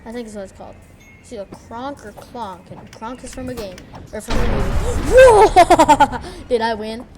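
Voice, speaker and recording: A woman hosting a let's play, commenting excitedly on her game, squealing and mocking herself. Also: a little high, measured pace, over music. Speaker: gaming channel host.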